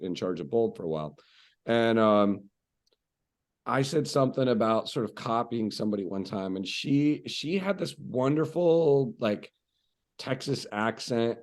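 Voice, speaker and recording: A man with a lowish voice speaks as a real estate coach on a podcast, telling stories in an animated, conversational way and using lots of fillers.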